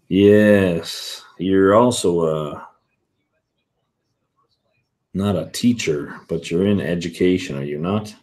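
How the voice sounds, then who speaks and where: A man's voice: deep voice, darkish tone. A man hosting a whisky livestream, rambling casually and answering viewer comments as he reads them. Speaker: whisky show host.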